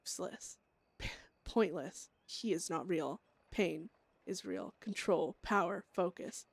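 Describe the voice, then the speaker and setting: A woman's voice: on the low side, vocal fry, breathy edge, dry recording, exaggerated voice. Woman voicing a haunted, drug-craving outlaw woman. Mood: tormented. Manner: quiet, halting inner monologue. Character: troubled woman outlaw, hearing voices, craving drugs.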